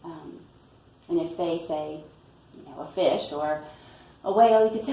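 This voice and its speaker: A woman reading a picture book aloud and explaining storytime tips in a patient way, often pausing with "um" and "you know". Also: fairly low pitch, mellow. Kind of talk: instructional read-aloud tutorial. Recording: roomy, from a distance, faint ambience.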